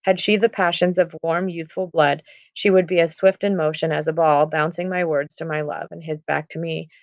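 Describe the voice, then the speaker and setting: A woman's voice: low voice, steady tone, moderate pace, no room sound. A woman reading the lines of an anxious, impatient teenage girl in love in a fairly plain voice, then restating them in modern words. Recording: dull, muffled recording.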